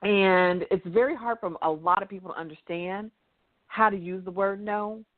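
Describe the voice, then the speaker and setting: A woman's voice: medium pitch, moderate pace. A woman guest speaker on a radio talk show, speaking in an emphatic, motivational way with lots of repetition. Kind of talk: casual call-in radio talk. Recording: tinny phone line.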